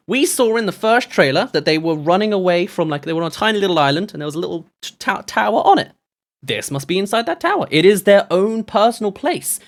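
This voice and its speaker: A streamer, rambling and chatty while reacting to movie trailers live, reading chat aloud and laughing often. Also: mid-range voice.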